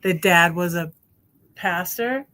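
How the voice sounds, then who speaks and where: A woman's voice: fairly low pitch, takes it slowly, sharp tone. A middle-aged woman hosting her own live stream, talking in a rambling, candid and emphatic way. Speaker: livestream host. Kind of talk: casual live-stream monologue.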